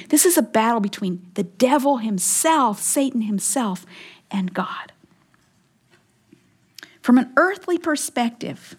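Higher-voiced woman teaching scripture emphatically. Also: breathy edge. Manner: emphatic, drops to a hushed whisper for weight. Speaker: Bible teacher. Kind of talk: Bible teaching sermon.

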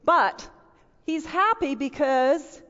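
A middle-aged woman delivers a storytelling sermon to a room full of listeners, acting out little voices and sound effects as she goes. Her voice sits high and she takes her time. The recording is dull, with a long reverb from a big hall. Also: expressive, slow pace, fairly bright tone. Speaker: women's speaker. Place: large room with audience.

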